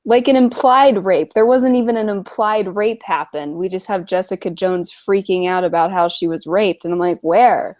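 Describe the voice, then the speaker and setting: A woman's voice: medium pitch, normal speed, few pauses, a little mellow, no room sound. A woman co-hosting a casual talk show, blunt and opinionated as she chats. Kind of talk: casual podcast chat.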